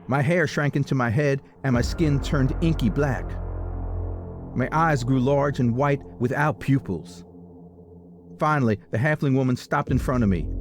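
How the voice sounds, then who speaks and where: A man reading a first-person fantasy story aloud in a steady, dramatic storytelling manner. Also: mid-range voice. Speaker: audiobook narrator.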